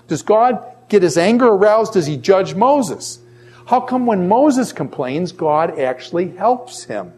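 A man's voice: a little high, darkish tone, a little hiss or hum. Chatty middle-aged man lecturing a class. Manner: conversational, repeats phrases, acts out quoted voices. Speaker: teacher.

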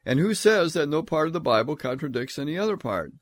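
A man giving a scripture lecture, emphatic, reading verses aloud in a measured, solemn tone. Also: on the high side, big pitch swings, no echo, clean studio sound. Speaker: Bible teacher.

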